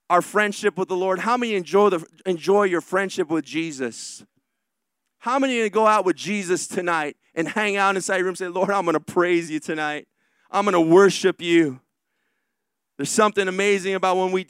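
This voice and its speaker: High-voiced preaching pastor, dry close sound. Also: male voice, fairly bright tone, smooth, no echo. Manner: preaching with slow, drawn-out emphatic lines and quick asides. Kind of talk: sermon.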